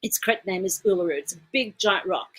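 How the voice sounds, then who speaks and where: A woman's voice: medium pitch, quick pace, a bit bright, low-quality recording. A woman from Detroit co-hosting a casual livestream chat, chatty and laughing often, with casual swearing. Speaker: co-host.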